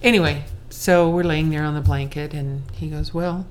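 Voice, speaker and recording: A woman's voice: deep voice, steady tone, normal speed, a little hiss or hum. A woman telling a personal story in a chatty, self-mocking way, often laughing and acting out what people said. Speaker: storyteller recalling her courtship.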